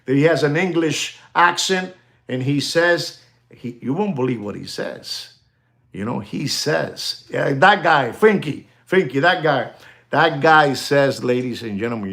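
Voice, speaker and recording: A man hosting a casual livestream, talking in an animated, repetitive, conspiratorial way straight to his viewers, slipping into Spanish now and then. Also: a little high, gravelly. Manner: conspiratorial, addresses viewers directly. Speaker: live stream host.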